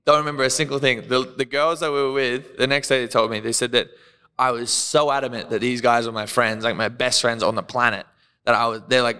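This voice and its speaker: An Australian guy with a bright, crisp voice tells wild stories on a podcast. He swears freely, laughs a lot and acts out every quote. A long reverb trails behind his voice. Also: mid-range voice, fast talker. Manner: animated, profane, laughs often, acts out quotes. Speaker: podcast guest. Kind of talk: casual storytelling.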